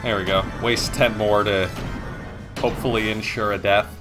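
A man's voice: fairly low pitch, fairly even intonation, moderate pace. A man casually commentating a video game, rambling, joking and swearing as he plays. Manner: rambling, profane, jokey, self-mocking. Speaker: let's play commentator. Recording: game music playing behind. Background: game music.

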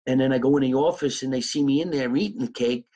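A man's voice: medium pitch, fast talker, mellow, husky, rough recording. A man hosting a comedy podcast, telling a rambling, profane, improvised comic story.

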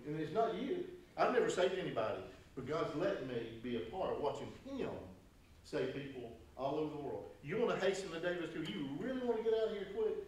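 A man delivers a sermon with a slightly raised pitch, speaking conversationally and repeating phrases for emphasis. His voice carries from some distance off the mic in a very echoey room with faint background noise. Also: darkish tone. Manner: conversational preaching with emphatic repetitions. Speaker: pastor.

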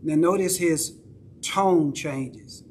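High-voiced Southern pastor preaching. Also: male voice, drawn-out words, darkish tone, slight background noise. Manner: conversational preaching, asks congregation "right?". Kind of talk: sermon. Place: church sanctuary.

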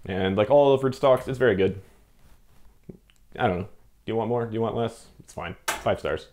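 A man's voice: fairly low pitch, moderate pace, darkish tone, slight background noise. A young man rambling casually to camera as he reviews a film stock, cutting himself off and blaming too much coffee. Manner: rambling, self-interrupting, jittery from coffee. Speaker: film photography vlogger.

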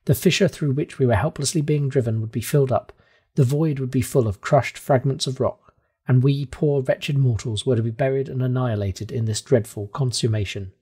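A man narrating a classic novel aloud in a steady, measured first-person storytelling manner. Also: medium pitch, breathy edge. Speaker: audiobook reader.

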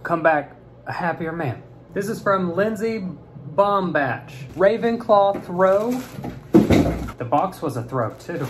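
A young man chatting playfully while opening fan mail, swinging from mumbles to high squeals. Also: expressive, slow pace, slight background noise. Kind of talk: casual unboxing chat.

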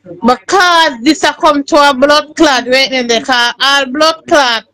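A woman's voice: high-pitched, a little slow, bright, forceful tone, no room sound, poor audio. A woman giving casual commentary in a scolding, lecturing way.

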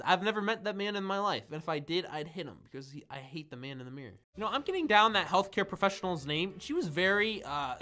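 A man's voice: high-pitched, pushed and bright. A young man giving playful, silly gameplay commentary, joking and chatting with his viewers. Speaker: gaming video creator.

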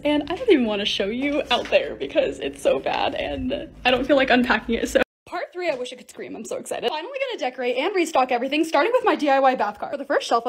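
A woman's voice: high-pitched, slight background noise. A young woman in her twenties, a lifestyle vlogger, chatting over clips of herself organizing, bubbly and self-deprecating. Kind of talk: voice-over narration of organizing videos.

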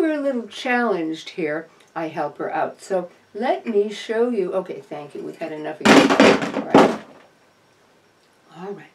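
A woman speaks in an unhurried, wry home-video chat, her voice rising and falling freely. She teases the audience and turns tender when she talks to her little companion. The mic sits some distance from her. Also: mid-range voice, darkish tone. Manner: dry playful humor, coos tenderly to her opossum. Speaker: opossum rescuer and vlogger. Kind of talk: casual chat to camera.

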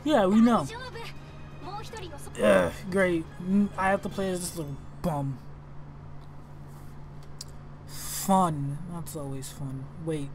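A young man giving let's play commentary on a video game, excitable and reactive, often exclaiming and swearing. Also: fairly high pitch, slow. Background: game music.

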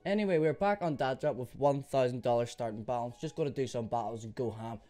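A young man hosting an excited gaming commentary, swearing freely and swinging between pleading and loud shouts. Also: mid-range voice, quick pace. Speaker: host.

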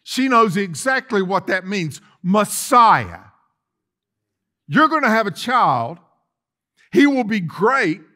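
A man preaching a sermon as lead pastor in a church, swinging from loud declarations to soft asides. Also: high voice, big pitch swings, slow, long pauses. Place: church sanctuary.

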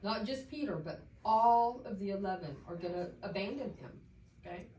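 A woman telling a Bible story slowly and deliberately, stopping to explain with asides to her listeners. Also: mid-range voice, lively intonation, warm tone. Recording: roomy, distant mic, faint background hum.

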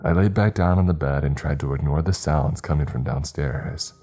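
Very deep-voiced male horror narrator. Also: normal speed, mellow. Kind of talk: scripted horror story narration. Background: faint music.

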